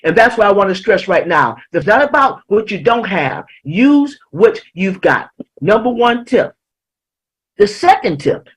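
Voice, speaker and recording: A woman giving a motivational talk as a life coach, emphatic, repeating key lines slowly. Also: medium pitch, sing-song, husky, rough recording.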